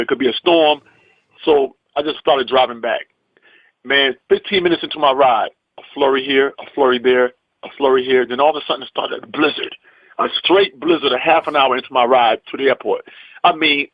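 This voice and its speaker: A comedian telling a story in a lively, emphatic way, acting out the people in it. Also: male voice, mid-range voice, brisk, no echo, dull audio. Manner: lively, emphatic, acts out the people in his stories. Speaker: comedian and actor guest. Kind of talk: animated storytelling.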